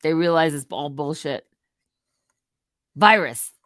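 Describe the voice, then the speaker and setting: A middle-aged woman hosting a live stream, rambling casually and swinging between loud outbursts and muttered asides. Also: low-pitched, expressive, slow pace, dry recording, studio quality.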